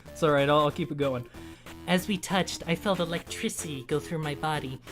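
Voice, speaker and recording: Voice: mid-range voice, fairly quick, music in the background. A co-host reading fanfiction aloud in a casual comedic way, laughing often and swearing between lines. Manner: laughs often, swears, reads with mock drama.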